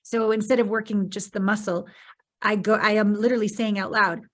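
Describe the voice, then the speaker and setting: Expressive woman podcast host. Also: medium pitch, a little fast. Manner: expressive, acts out her own reactions in animated bursts. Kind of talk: candid conversational interview.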